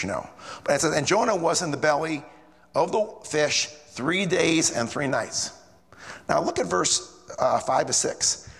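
Gravelly preacher, long hall reverb. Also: male voice, fairly high pitch. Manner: animated anecdotal storytelling, reads King James verses aloud. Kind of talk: sermon with Bible readings. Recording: long reverb of a large room.

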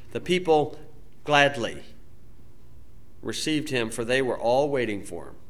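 A man preaching a sermon, telling folksy stories and reading scripture, his voice climbing loud then dropping low. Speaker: pastor.

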